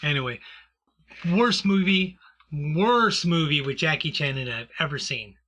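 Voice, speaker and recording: A man's voice: fairly high pitch, lively intonation, moderate pace, bright, forceful tone. A man co-hosting a comedy podcast, rambling through a movie recap in casual, profane chat full of fillers. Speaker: podcast co-host.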